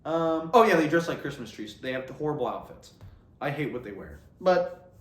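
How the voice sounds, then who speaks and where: A man's voice: fairly high pitch, animated, normal speed. A young man rambling casually to camera, often interrupting himself and laughing at his own remarks. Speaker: vlogger. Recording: roomy echo.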